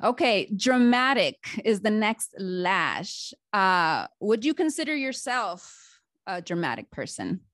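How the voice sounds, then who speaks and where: A woman hosting a podcast interview, chatty and animated, laughing often and restarting her sentences. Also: mid-range voice, slow, no room sound, clean studio sound. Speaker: podcast host. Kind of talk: casual interview chat.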